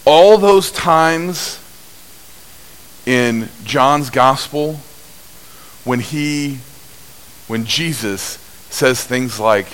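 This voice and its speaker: A man preaching a sermon, telling stories at an unhurried pace with big swings in pitch and loudness. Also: lively intonation, rough recording. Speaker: pastor.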